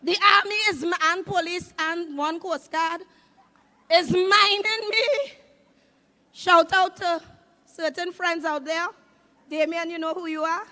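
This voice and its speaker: A woman in her fifties with a Trinidadian accent, doing loud, animated stand-up comedy on a live stage. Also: extremely high pitch, measured pace, long pauses. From Trinidad and Tobago. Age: 50s. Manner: loud, animated, shouting punchlines.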